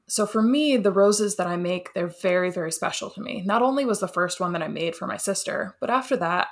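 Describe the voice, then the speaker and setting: Young woman guest, low gravelly voice, easygoing enthusiastic chat. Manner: enthusiastic, chatty, laughs often. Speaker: welder and artist guest. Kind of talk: casual interview chat.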